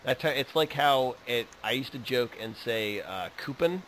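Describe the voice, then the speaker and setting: A man's voice: mid-range voice, normal speed, slight background noise. A man hosting a casual podcast, rambling and swearing freely as he chats. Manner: rambling, profane, animated. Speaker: podcast host.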